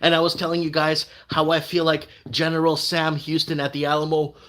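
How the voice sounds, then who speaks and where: A man's voice: fairly high pitch, completely flat delivery, a little fast, fairly bright tone. An older man from Canada hosting a casual live stream, rambling and reading out viewer comments. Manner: rambling, reads out viewer comments, restarts often.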